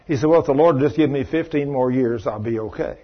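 A man's voice: mid-range voice, brisk, breathy edge, lo-fi sound. A man preaching a folksy televised sermon, acting out the voices of people he quotes.

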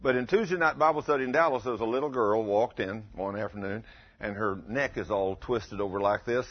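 Husky folksy preacher with a drawl. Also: male voice, lowish voice, fairly quick, muffled recording. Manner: folksy storytelling, asks the congregation questions. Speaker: pastor. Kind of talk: sermon.

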